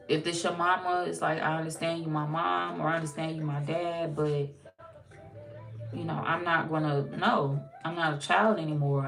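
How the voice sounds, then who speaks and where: Low raspy lady reading tarot, talks like she's chatting with a friend, acts out what people say. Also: fairly bright tone. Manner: chatty, acts out quoted dialogue, swears. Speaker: tarot reader.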